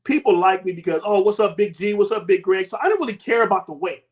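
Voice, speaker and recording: Man in his 50s, high voice, guest telling a story with animated voices for the people in it. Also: quick pace. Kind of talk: personal testimony.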